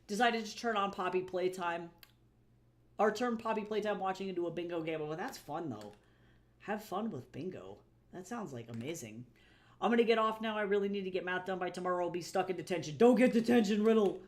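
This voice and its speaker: A woman streaming live as an artist, chatting casually with viewers, swearing freely and ranting with exasperation. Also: sits low. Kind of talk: casual livestream chat.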